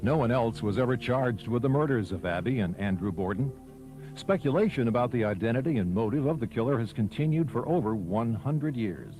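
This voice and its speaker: A man giving measured, scripted documentary narration. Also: mid-range voice, animated, poor audio. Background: soft music bed.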